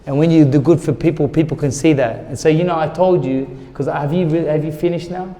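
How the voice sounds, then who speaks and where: A man's voice: fairly high pitch, brisk, mellow, big-room sound. A middle-aged man, a guest in an interview, earnestly telling a personal story and repeating words when he gets emotional.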